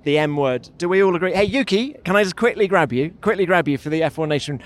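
Male host, bit higher voice, breezy trackside chat outdoors, teasing questions. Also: lively intonation. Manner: chatty, quick questions, teasing. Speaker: podcast host. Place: outdoors in a racing paddock.

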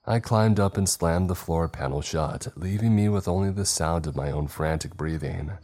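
A man narrating a first-person horror story in a tense, measured way. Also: low voice, mellow.

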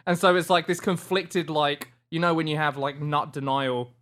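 A man with a slightly high voice trades crude jokes in loose podcast banter. He laughs often and jumps into squealing highs when he gets worked up. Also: fairly even intonation, normal speed, fairly bright tone. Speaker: podcast co-host. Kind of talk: casual comedy banter.

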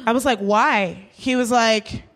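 A young woman in casual chat, telling a story with lots of swearing and acting out what everyone said with big jumps in her voice. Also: slow pace. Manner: animated, swears freely, acts out quotes with big pitch jumps.

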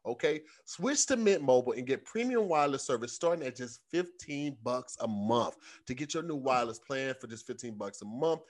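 A man co-hosting a comedy podcast, talking in an animated, slangy way and reading an ad casually. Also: mid-range voice, a little fast, hardly any pauses. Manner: animated, slangy, repeats words for comic effect. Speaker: podcast co-host. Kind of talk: casual chat and host-read ad.

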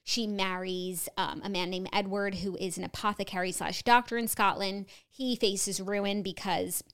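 A woman's voice: mid-range voice, fairly even intonation, normal speed, a bit bright, clear, resonant tone. A woman hosting a casual book club podcast, chatty and upbeat, with lots of fillers as she recaps a book. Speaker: podcast host.

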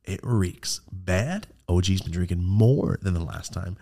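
A man's voice: deep voice, unhurried, vocal fry, warm tone. A man hosting a podcast, telling stories in casual chat, swearing often and laughing as he talks. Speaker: podcast host.

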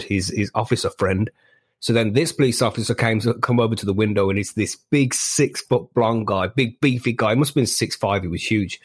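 A man's voice: on the low side, no echo. A man from the UK leaving a recorded message for a podcast and telling a casual story. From United Kingdom. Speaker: listener caller.

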